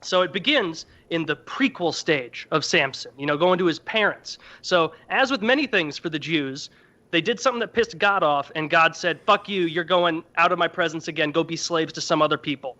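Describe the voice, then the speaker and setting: High, bright-voiced man telling a crude comic story. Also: muffled recording. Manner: irreverent, acts out characters in mocking voices. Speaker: podcast host. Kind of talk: comedic storytelling on a podcast.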